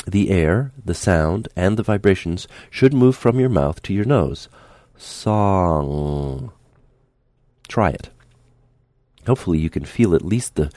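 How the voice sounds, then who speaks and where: A man teaching a speech lesson, calm and patient, demonstrating the sounds aloud as he explains them. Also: low-pitched, no echo.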